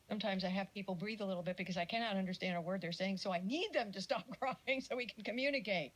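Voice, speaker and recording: A middle-aged woman talking through a casual lecture in an ordinary mid-range voice. She is chatty and animated, and she drops in jokey asides and acts out quick quotes. She keeps the tone informal. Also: medium pitch, low-quality recording. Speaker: speaker giving a talk on parenting.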